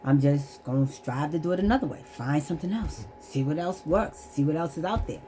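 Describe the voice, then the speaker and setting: Vlogger, woman, middle-aged, low voice, earnest and emotional, near tears, faint background noise. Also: expressive, a little fast, mellow. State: holding back tears. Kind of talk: candid personal testimony to camera.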